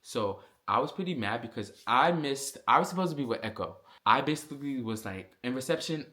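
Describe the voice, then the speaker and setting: A young man, telling a casual storytime vlog with lots of fillers and animated asides. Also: medium pitch, fairly quick. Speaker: vlogger.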